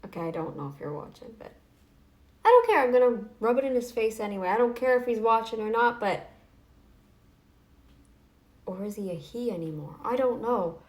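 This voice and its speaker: A woman's voice: fairly high pitch, animated, fairly quick. A woman vlogging to camera in a casual, snarky, taunting way, rambling with restarts and fillers. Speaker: YouTube vlogger. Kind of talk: casual talking-head vlog.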